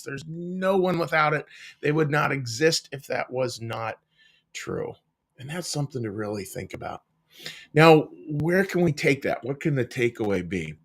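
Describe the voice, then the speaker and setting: A middle-aged man, a minister, gives a gentle daily devotional reflection to camera from a small cabin room. He talks conversationally, often restarting and searching for words, and addresses his listeners as folks. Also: a little high.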